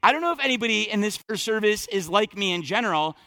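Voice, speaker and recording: Male pastor, high and bright, earnest, casual preaching style, dry close sound. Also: expressive, fast talker, no room sound. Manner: conversational, thinking aloud with frequent fillers and restarts. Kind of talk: sermon.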